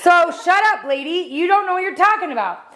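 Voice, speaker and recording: A woman co-hosting a podcast, telling a story in animated casual chat with quick asides. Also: very high-pitched. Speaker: podcast co-host.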